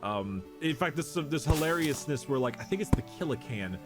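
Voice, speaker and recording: A man's voice: medium pitch, lively intonation, moderate pace, music in the background. A man co-hosting a casual podcast, explaining lore in a rambling way with many repeated words and restarts.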